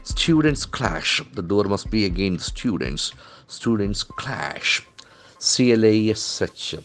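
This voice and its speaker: An English language trainer with a lowish, expressive voice takes his time teaching vocabulary from the newspaper. He spells each word letter by letter and methodically explains its pronunciation and meaning.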